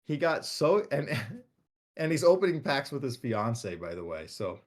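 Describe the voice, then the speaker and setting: A man's voice: medium pitch, very animated, moderate pace. A man co-hosting a live stream, telling stories casually and rambling with lots of fillers and restarts. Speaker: co-host. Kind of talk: casual chat about a card game.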